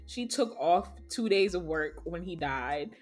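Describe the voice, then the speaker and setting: A woman's voice: fairly low pitch, animated, a little slow, faint music behind. A young adult woman co-hosting a podcast, talking in a blunt, emphatic, casual way and swearing freely. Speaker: podcast co-host.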